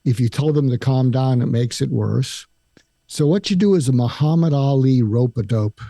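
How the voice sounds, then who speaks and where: An older man, a psychiatrist guest on a podcast interview, calmly explaining a conversation technique step by step and acting out example lines. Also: medium pitch, normal speed, creaky, dry recording, studio quality.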